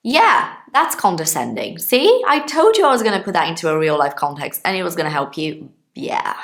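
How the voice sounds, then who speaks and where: A woman's voice: low voice, sing-song, brisk, gravelly. A woman in her thirties giving a casual online English lesson, chatting to her viewers, explaining words with everyday examples and checking in with them. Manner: chatty, explains with examples, asks listeners questions. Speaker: English teacher.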